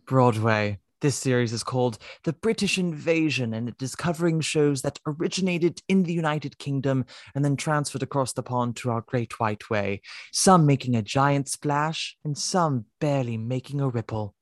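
A man's voice: mid-range voice, normal speed, few pauses, no room sound. A man hosts a theatre podcast in a wry, opinionated way, teasing his guest as he goes. His voice sounds dry and close, with no room sound around it. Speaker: podcast host. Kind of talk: casual chat.

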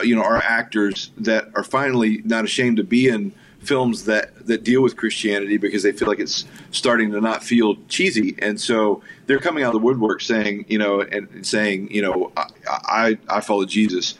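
Low-pitched male filmmaker guest, easygoing and enthusiastic anecdotes, faint hiss underneath. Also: fairly even intonation, normal speed, fairly bright tone. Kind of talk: casual storytelling interview.

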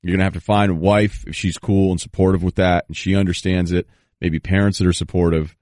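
A low-voiced man hosts a radio talk show, speaking quickly and with a wry self-deprecating edge. He is recorded dry on a close studio microphone, with no room sound. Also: little pitch movement, darkish tone, no room sound. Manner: fast, reflective, self-deprecating.

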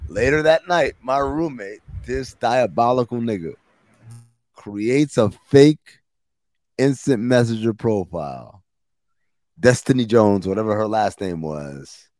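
A young man hosting a podcast, telling a story in an animated, profane, slangy way. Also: medium pitch, slow, no room sound, clean studio sound. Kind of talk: comedic storytelling.

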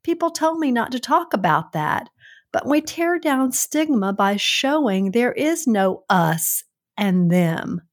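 Slow-talking Southern mom, earnest. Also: female voice, a little high, very animated. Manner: earnest, reflective, laughs easily. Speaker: co-host, mother. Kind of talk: casual podcast chat.

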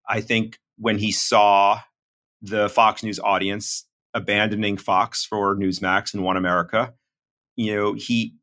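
A middle-aged man talking through a podcast discussion in a measured, analytical way, with many fillers. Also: on the low side, bright, forceful tone. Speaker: reporter and podcast co-host.

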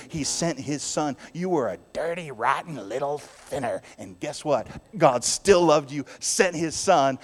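A male pastor delivering a sermon in a lifted, fairly high voice, rising to loud declarations and then dropping to quiet, intimate lines. His voice carries a long reverb from a large church hall. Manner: preaching with strong swings between loud and soft.

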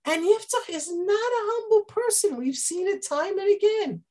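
A woman teaching a Bible class, explaining the text with Hebrew terms and acting out the quoted speech with lively energy. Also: extremely high pitch, normal speed. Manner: animated, acts out quoted speech.

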